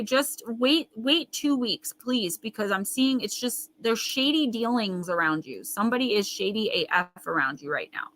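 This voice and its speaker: Bright, chatty woman reading tarot live. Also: on the high side, rough recording. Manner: chatty, emphatic, addresses viewers directly; reads viewer comments aloud and riffs on them. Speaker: intuitive tarot reader, host. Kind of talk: live-stream card reading.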